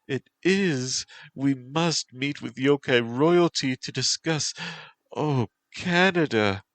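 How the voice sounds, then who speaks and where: A man's voice: medium pitch, slow pace, pitched above the performer's own voice. A man voicing an imperious female yokai mistress who commands her servant. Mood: regal.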